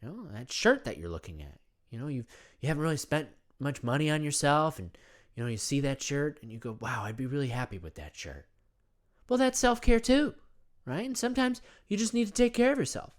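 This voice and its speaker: A man performs a comedy monologue as an earnest, self-absorbed self-care guru, speaking of himself in the third person and rambling with lots of repetition in a soothing mood. His voice is a little high, brisk, and very animated.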